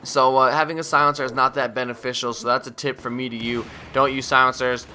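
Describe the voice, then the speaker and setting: A gaming video commentator rambles over his own gameplay, joking and poking fun at himself, and sometimes sounds drowsy and yawns. His medium-pitched voice barely moves in pitch, and he speaks fast with a bright, forceful tone over a little hiss or hum.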